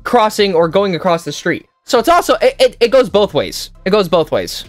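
A reaction video host, loudly exclaiming and mocking the clips with blunt opinions. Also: female voice, medium pitch, sing-song, moderate pace, dry recording, soft background music. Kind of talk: reaction commentary.

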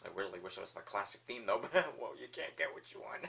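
A man's voice: lowish voice, expressive, fast talker, creaky, a bit bright. A man giving a casual spoken review, enthusiastic and rambling, with lots of fillers. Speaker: video reviewer.

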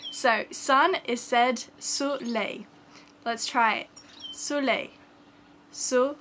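A young woman from France teaching children simple French words in an upbeat, encouraging way, repeating each word slowly. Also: on the high side, pushed and bright, slight background noise. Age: young adult. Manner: upbeat, encouraging, slow repetitions. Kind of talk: kids' language lesson.

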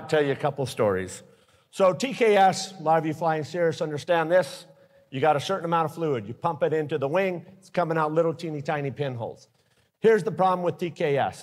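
A man's voice: a little high, a little fast. A man giving a live aviation safety talk to pilots, earnest and openly emotional, with blunt warnings. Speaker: speaker at aviation safety forum. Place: forum at an airport hangar venue. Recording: long reverb from a large hall.

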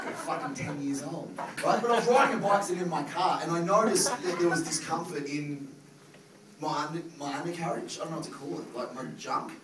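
A man in his thirties with an Australian accent doing a stand-up comedy set, loud and animated, swearing through his rants. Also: fairly high pitch, moderate pace, noisy background. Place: comedy club stage with audience. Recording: roomy live venue, crowd, from far off.

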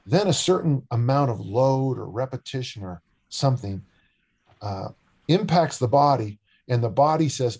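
A man's voice: mid-range voice, moderate pace. An older man, a strength and discus coach, telling joking stories as a guest on a podcast interview. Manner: animated, joking storyteller.

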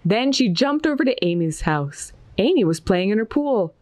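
A woman reading a children's picture book aloud with an expressive, lilting storybook delivery. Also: mid-range voice, normal speed, no room sound.

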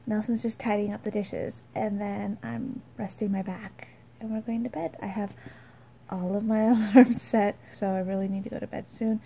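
A woman's voice: mid-range voice, steady tone, normal speed, vocal fry, warm tone, slight background noise. A woman chatting casually to camera in a vlog, rambling with lots of fillers, recorded on a handheld phone in a parked car. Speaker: vlogger and expectant mother.

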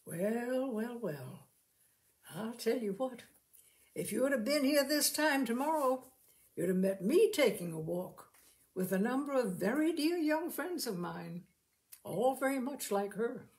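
A woman's voice: fairly high pitch, animated, measured pace, darkish tone. A woman reading a story aloud and voicing a fat, shrewd, jolly male farmer with folksy country speech. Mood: coaxing.

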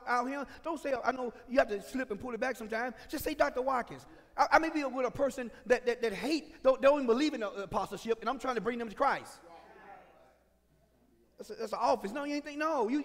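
A man preaching a sermon as pastor, swinging from shouted points to chatty asides with the congregation. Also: very high voice. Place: church sanctuary. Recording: reverberant church sanctuary.

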